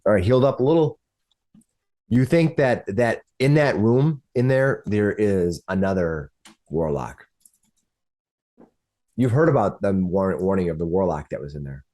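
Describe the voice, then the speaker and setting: A man's voice: low-pitched, expressive, measured pace, pauses often, warm tone. A man running a tabletop game as game master, narrating with frequent restarts. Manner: rambling, many restarts.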